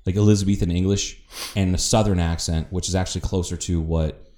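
A man's voice: low-pitched, steady tone, brisk, dark tone. A man from the northern United States co-hosting a podcast in casual chat, rambling through tangents and swearing freely. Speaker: podcast co-host. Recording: roomy echo.

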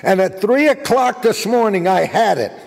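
An older man giving a guest speech, telling jokey anecdotes as an animated raconteur. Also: sits high, normal speed, gravelly, long reverb tail. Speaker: guest speaker.

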